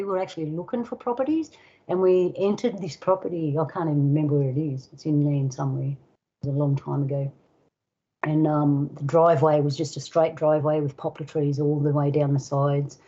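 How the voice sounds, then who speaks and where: An older woman with an Australian accent, a guest elder telling a personal story in unhurried casual talk, acting out voices and sounds. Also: sits low, mellow, lo-fi sound. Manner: unhurried, acts out dialogue and sounds.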